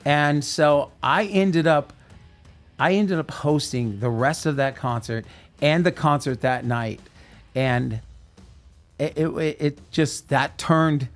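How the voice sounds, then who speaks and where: A man casually telling the story of how he got into music, animated and quick to act out the voices of people in his anecdotes. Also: fairly high pitch. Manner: laughs easily.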